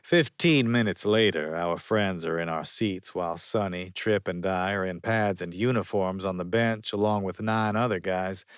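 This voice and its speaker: A man's voice: low voice, no room sound, studio quality. A man narrating a romance audiobook in first person, wry and conversational.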